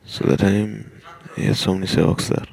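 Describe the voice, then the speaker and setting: A man telling a devotional story in a slow, halting way, with frequent restarts. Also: low-pitched, steady tone, creaky, a little mellow, breathy edge.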